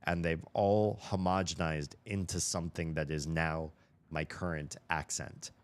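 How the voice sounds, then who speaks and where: A man's voice: low voice, flat delivery, unhurried. An American man with a neutral General American accent, chatting casually to his livestream audience while gaming, rambling and thinking aloud. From United States. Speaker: streamer.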